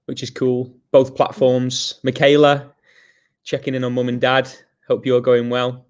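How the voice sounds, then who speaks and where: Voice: medium pitch, monotone, unhurried, smooth. Upbeat livestream co-host greeting viewers. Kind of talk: casual livestream chat.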